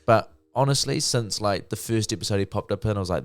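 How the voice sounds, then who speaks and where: A man's voice: on the low side, quick pace, no room sound. A young man casually reviewing a TV show, chatty and swearing freely. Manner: chatty, swears freely, acts out characters' lines. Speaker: TV review vlogger.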